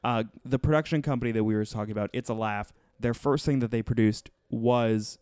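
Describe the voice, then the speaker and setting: A man's voice: medium pitch, fairly quick, darkish tone, smooth, no echo. A man hosting a podcast, chatting casually and rambling with many fillers as he reviews a TV show. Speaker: podcast host.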